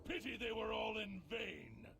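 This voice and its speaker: An actor playing a menacing boss villain who threatens the heroes in a booming, drawn-out proclamation, heard as game audio from far off. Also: male voice, lively intonation, vocal fry, bright, forceful tone, slight background noise, heavily acted.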